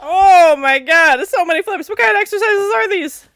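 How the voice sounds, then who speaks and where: Excitable young woman reacting to a film. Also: very high-pitched, normal speed, raised voice, very noisy. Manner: excitable, laughs often, acts out characters. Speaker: movie reaction host. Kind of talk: casual movie reaction commentary.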